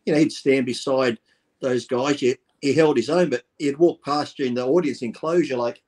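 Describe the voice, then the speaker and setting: Man, podcast guest, average pitch, blunt, swears, storytelling with quoted dialogue, casual. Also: normal speed, darkish tone.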